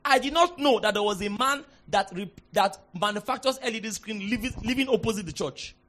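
A high-pitched Nigerian man preaching to a congregation. He swings from quiet asides to loud, fervent declarations. His delivery is lively and animated. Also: brisk. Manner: animated, shifts from soft asides to shouted declarations. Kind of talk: sermon.

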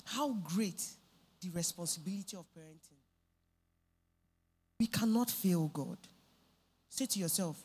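A woman's voice: lowish voice, animated, measured pace, pauses often, darkish tone, breathy edge. A woman preaching a sermon, stressing points by repeating phrases.

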